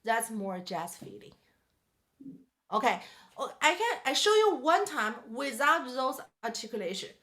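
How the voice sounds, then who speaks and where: Slow, bright-voiced woman teaching piano. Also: a little high, sing-song. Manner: explains in short phrases and sings rhythm syllables. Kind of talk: jazz piano lesson. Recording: piano playing behind.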